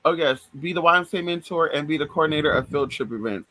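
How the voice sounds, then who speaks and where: A woman's voice: low voice, quick pace, bright, forceful tone, no echo, poor audio. A woman vlogger chatting casually to her viewers, swearing freely and calling them y'all and girl. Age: adult. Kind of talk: casual storytelling chat.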